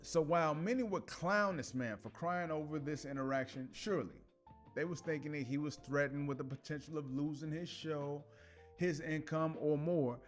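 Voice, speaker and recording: Sex: man. Role: commentary host. Style: casual talk. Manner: animated, laughing. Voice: fairly high. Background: faint music. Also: normal speed. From Chicago. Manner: animated, laughs often, many restarts and slang.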